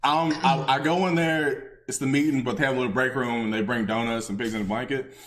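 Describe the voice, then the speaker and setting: A man's voice: medium pitch, steady tone, fast talker. A Texan man hosting a podcast, telling a story in casual slang and laughing a lot. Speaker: podcast host. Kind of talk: casual chat. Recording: roomy echo.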